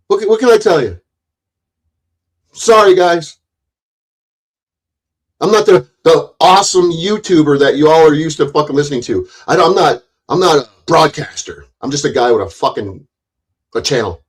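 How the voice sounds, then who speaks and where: A man who runs his own channel, delivering a heated livestream rant in a forceful, mocking and sarcastic way, full of swearing. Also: a little high, lively intonation, moderate pace, long pauses, husky. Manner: loud, forceful delivery that he calls passion. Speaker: YouTube channel owner.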